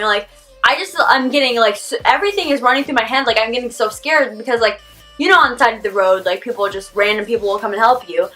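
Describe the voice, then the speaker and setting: A teenage girl vlogger telling a story casually, rambling with lots of "like" and animated quoted reactions. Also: fairly high pitch, quick pace, faint music behind. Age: teens. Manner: animated, rambling, heavy use of "like".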